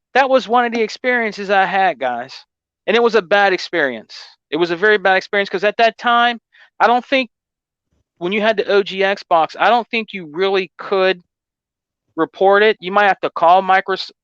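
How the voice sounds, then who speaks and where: Guy with a high voice rambling thru a gaming story, keeps saying man and you know what i mean, dry dull mic. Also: normal speed, fairly bright tone, clear, resonant tone, dry recording. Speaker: gaming channel host. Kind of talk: casual storytelling chat.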